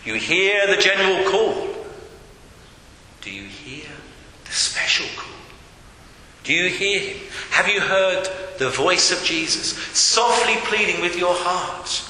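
Earnest preacher in an echoey hall. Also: male voice, high voice, animated, slow, sharp tone, slight background noise. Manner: earnest, rising to calls and appeals. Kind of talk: sermon. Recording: echoey hall with long reverb.

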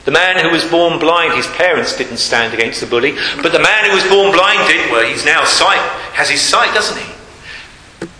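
Bright-voiced preacher in an echoing hall. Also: male voice, on the high side. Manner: earnest, swings from loud to hushed for emphasis. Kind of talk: sermon. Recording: echoey hall with long reverb, faint hiss.

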